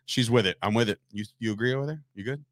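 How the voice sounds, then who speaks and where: A man's voice: medium pitch, dry recording. Guy hosting sports radio, brash and teasing, dry close mic. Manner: brash, joking, quick to tease. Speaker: sports talk show host. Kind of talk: casual sports radio chat.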